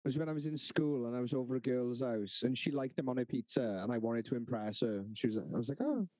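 A man's voice: medium pitch, quick pace, mellow, no echo. A British man co-hosting a podcast, cracking sweary jokes in casual banter. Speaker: podcast co-host. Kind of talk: casual chat.

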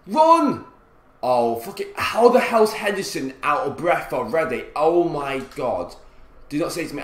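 A man's voice: medium pitch, a bit bright. Swearing man doing gameplay commentary. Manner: swearing, frustrated outbursts at the game. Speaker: gaming commentator. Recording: roomy echo.

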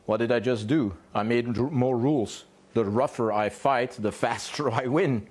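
Blunt, animated male dog trainer. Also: medium pitch, normal speed, breathy edge. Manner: blunt and animated, swears, with frequent "yeah?" checks. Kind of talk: informal teaching talk.

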